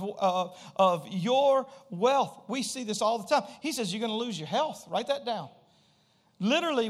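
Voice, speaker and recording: A middle-aged man with a drawl delivers a sermon from the pulpit. His voice sits high for a man, and he tells stories with animation, slipping into the voices of the people he quotes and calling out to the congregation. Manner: animated storytelling, acts out quotes, addresses congregation directly. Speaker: pastor.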